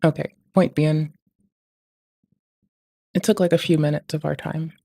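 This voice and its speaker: Male streamer, gravelly, slightly high, blunt critical commentary. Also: level tone, a little slow, very noisy. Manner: blunt, critical, swears casually.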